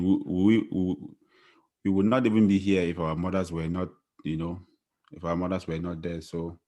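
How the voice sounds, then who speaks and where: A young man leads a casual podcast conversation. He sounds relaxed and often doubles up words mid-sentence. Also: deep voice. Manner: relaxed, repeats words as he speaks. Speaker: podcast host.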